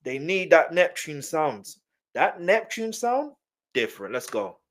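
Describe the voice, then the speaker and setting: A man from South London with a South London accent, chatting loosely on a reaction live stream, animated and rambling, repeating his phrases. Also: fairly high pitch, unhurried. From South London, England.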